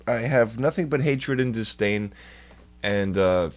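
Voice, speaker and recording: A man chatting on his livestream, ranting profanely and swinging between mumbled asides and loud outbursts. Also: lowish voice, lively intonation, a little slow. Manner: profane ranting, swears constantly. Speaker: streamer. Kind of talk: casual stream chat.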